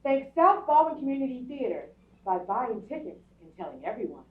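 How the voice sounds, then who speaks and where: A woman's voice: on the high side, big pitch swings, brisk, background noise. A woman performing a chatty, upbeat comic promotional skit. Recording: echoey hall, far from mic, phone-like.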